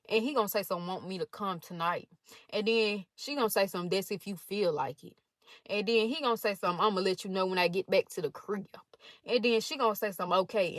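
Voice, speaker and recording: A woman's voice: mid-range voice, no room sound. A young woman in college telling a blunt, profane storytime, reading out text messages between others. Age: young adult. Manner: blunt, profane, animated retelling. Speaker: storytime vlogger.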